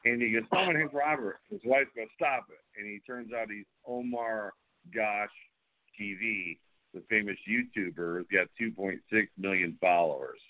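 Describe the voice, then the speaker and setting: Low-voiced man over a tinny line. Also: moderate pace. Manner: wrestling promo swagger, calls people brother. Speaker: host. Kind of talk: casual chat.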